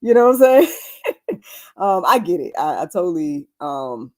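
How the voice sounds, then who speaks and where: A young adult woman hosts a relaxed faith talk livestream, her voice on the low side and unhurried. She is chatty and animated, laughs a lot, and fills her speech with fillers.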